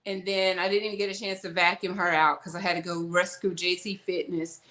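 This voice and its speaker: A woman's voice: on the low side, little pitch movement, fairly quick, a bit bright. Chatty woman vlogging at home. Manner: chatty, rambling, talks to viewers as y'all. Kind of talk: casual chat while unpacking groceries. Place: at home, kitchen. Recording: echoey room, faint noise.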